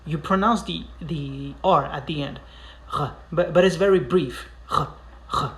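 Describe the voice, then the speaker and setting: Male French-accented tutor, unhurried, breaks words down and repeats them. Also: on the high side. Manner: repeats words slowly for learners. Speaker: French teacher. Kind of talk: casual pronunciation lesson.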